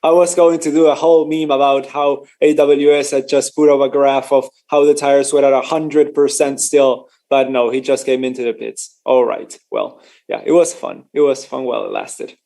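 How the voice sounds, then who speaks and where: A man's voice: medium pitch, flat delivery, moderate pace, hardly any pauses, mellow. Chatty, joking male stream commentator. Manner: chatty and joking, laughs often, stumbles over words. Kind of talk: casual live race watchalong commentary.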